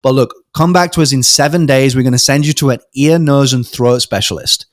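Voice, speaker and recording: A man's voice: medium pitch, fairly quick, dry recording, clean studio sound. A young British man, a podcast guest, telling a personal story in a casual way, acting out the voices of others with many ums and restarts. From Britain. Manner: animated storyteller, acts out quoted voices, frequent ums and restarts.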